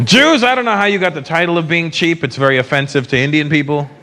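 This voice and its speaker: A man's voice: a little high, fast talker, noisy background. A male stand-up comedian performing live, brash and profane, who keeps slipping into mocking character voices. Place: large arena in front of a live audience. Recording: live arena recording with loud crowd laughter.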